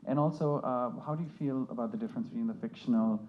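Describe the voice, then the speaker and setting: A man's voice: medium pitch, quick pace, dull audio. A man in the audience at a film Q&A, asking a question politely and a little hesitantly. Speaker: audience member.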